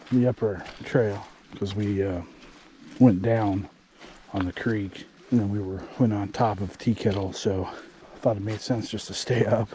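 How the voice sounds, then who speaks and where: A man's voice: lowish voice, dark tone. A man, chatting casually and fatherly with his sons on a hiking trail, warning them and joking along the way. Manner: chatty, fatherly, warns and jokes with his kids. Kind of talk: casual vlog narration. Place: outdoors by a waterfall on a hiking trail. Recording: rushing waterfall noise.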